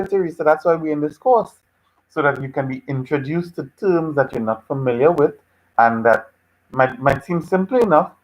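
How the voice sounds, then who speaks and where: A male lecturer runs a live online class, reacting to what students type in. He is patient and teasing, and he repeats his phrases over and over. His voice sits at an ordinary middle pitch. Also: highs cut off.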